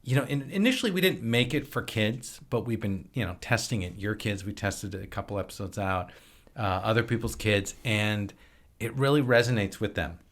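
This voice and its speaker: Man, fairly low voice, from Wisconsin, podcast guest, rambling casual storyteller. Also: brisk. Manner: relaxed, rambling storytelling with many fillers. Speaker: guest, filmmaker and actor. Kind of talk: casual conversation.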